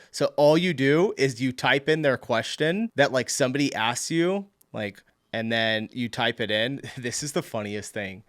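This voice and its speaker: A man from the United States talks through clips in a relaxed, chatty way, laughing often and reading comments out loud. His pitch sits mid-range for a man, and the recording is dry and close with no room sound. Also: no echo. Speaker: reaction video host. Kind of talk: casual commentary reacting to clips.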